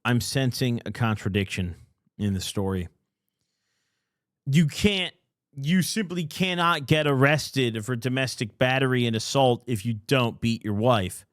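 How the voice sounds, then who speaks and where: A man's voice: mid-range voice, a little slow, fairly bright tone, dry recording, studio quality. A male podcast host giving casual, sarcastic commentary with lots of wisecracks. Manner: sarcastic, wisecracking, says dude a lot.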